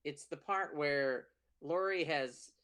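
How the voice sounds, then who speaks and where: Animated, higher-voiced male podcast co-host. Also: slow pace. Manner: animated storyteller, profane, acts out scenes. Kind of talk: casual chat.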